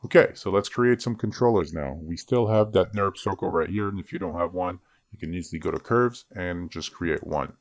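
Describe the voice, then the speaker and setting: A man's voice: low-pitched, a little fast, few pauses, no room sound. A man teaching 3D character rigging in a screen-recorded tutorial, chatty and joking at himself as he works. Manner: chatty, self-joking asides. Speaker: 3D rigging instructor.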